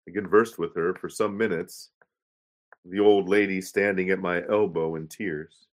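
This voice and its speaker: A man reading aloud a pastor's first-person story in a measured, solemn way. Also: low voice, fairly even intonation. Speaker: reader of a pastor's memoir.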